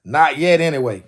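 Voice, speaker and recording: In a gravelly, mid-range voice, a man drawls through casual livestream chat. He exclaims to himself while sorting jerseys.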